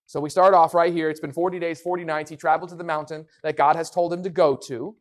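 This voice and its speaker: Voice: mid-range voice, little pitch movement, quick pace, few pauses. Emphatic preacher acting out quotes. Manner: emphatic, acts out voices in quotes. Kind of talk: sermon with Bible reading.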